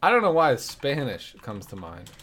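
A man's voice: medium pitch, moderate pace. A man co-hosting a podcast in casual chat, joking and laughing often. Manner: laughs often, jokey, animated. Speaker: podcast co-host.

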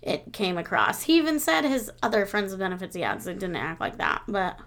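A young adult woman co-hosting a casual podcast chat, rambling with lots of fillers, dropping quiet and then getting loud. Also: mid-range voice, sing-song, brisk. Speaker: podcast co-host.

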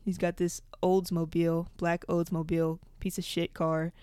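A young woman hosting a podcast, telling a story in a casual, profane, animated way. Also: on the low side, moderate pace, smooth, no echo, clean studio sound. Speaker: podcast host.

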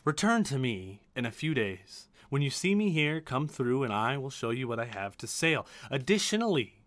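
Brief: a cagey woman magic broker, played by a male game master, slow and bargaining, bright dry voice. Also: medium pitch, big pitch swings, no room sound. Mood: businesslike. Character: shrewd mysterious woman magic-item broker. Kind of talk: tabletop game role-play.

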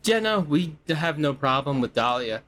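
A man's voice: fairly high pitch, sing-song, moderate pace, fairly bright tone. A man voicing a blunt, offhand fighter who shrugs off politics.

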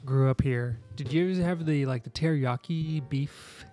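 A man's voice: mid-range voice, mellow, soft background music. A young man in casual chat who eagerly tosses out random questions. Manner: rapid, eager, jumps between random questions.

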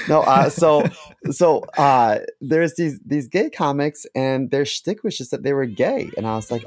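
A man's voice: mid-range voice, expressive, a little slow. A man co-hosting a comedy podcast from his room, telling gossipy stories and acting out other people. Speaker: podcast co-host. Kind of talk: casual comedy podcast banter.

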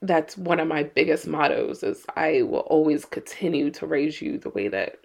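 A woman's voice: sits low, animated, moderate pace, vocal fry, darkish tone. A middle-aged woman talking candidly and earnestly about her recovery as a mother, sometimes swearing for emphasis. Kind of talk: emotional personal talk.

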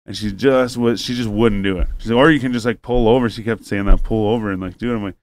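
A man's voice: on the low side, fairly even intonation, fast. Rambling, cursing man telling a story. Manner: rambling, profane, acts out both sides of a phone call. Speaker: storyteller in group chat. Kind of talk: casual storytelling to friends.

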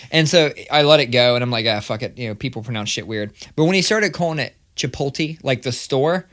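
A man co-hosting a podcast in a loose, chatty way. He swears freely and tells his stories in animated, ranting bursts, speaking into a studio microphone. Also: medium pitch, fast talker, few pauses. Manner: profane, animated ranting storyteller. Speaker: podcast co-host. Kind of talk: casual chat.

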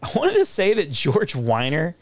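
Animated, rambling podcast co-host man. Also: mid-range voice, moderate pace, no room sound. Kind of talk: casual movie podcast chat.

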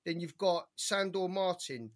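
A young man, co-hosting a casual boxing chat, animated and opinionated, rattling off fighters' names. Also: sits high, unhurried. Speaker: boxing podcast co-host.

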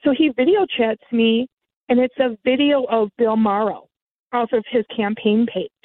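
A woman's voice: a little high, normal speed, no room sound. A woman as an interview guest, animatedly telling a personal story and acting out the dialogue. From United States. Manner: animated, acts out quoted dialogue. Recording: tinny phone line, dry.

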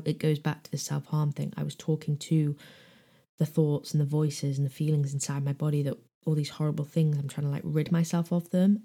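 A young adult with a British accent tells a personal story in a frank, rambling way and acts out what other people said. The voice has a gravelly fry and a mellow, dark tone. The pitch sits in a middle range. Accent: British English.

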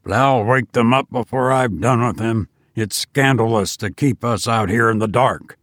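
A man reading a story aloud, voicing a bold man who leads his friends with brisk commands. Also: medium pitch, fairly bright tone, dry recording, clean studio sound, close to an everyday voice. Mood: commanding. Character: bold, brisk man leading a ghost hunt. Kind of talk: audiobook character voice.

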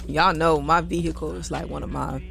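A woman in casual podcast chat, chiming in with quick reactions and swearing freely. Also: low voice, fairly even intonation, gravelly.

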